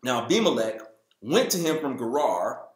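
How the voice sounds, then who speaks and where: A man's voice: sing-song, moderate pace, roomy sound. A man hosting a casual Bible reading show, reading aloud and breaking in with jokes and goofy character voices. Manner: jokey, acts out the people in the story in goofy high voices. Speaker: host.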